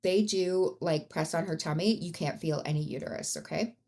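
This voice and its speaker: A woman's voice: sits low, normal speed, gravelly, a little mellow. A woman hosting a podcast, telling a true-crime story in a casual, blunt and profane way, with rising outbursts. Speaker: podcast host.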